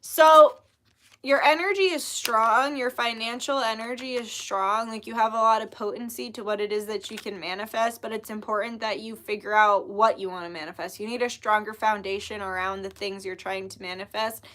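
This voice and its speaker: A woman's voice: fairly high pitch, fairly even intonation, normal speed, pushed and bright. A young woman giving a casual tarot reading, chatty and full of fillers. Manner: chatty, lots of filler "like", spiritual talk. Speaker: tarot reader.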